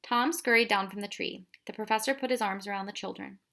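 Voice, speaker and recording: A woman reading a children's storybook aloud in a soft, even voice. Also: mid-range voice, a little fast, creaky. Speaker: audiobook reader. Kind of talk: storybook narration.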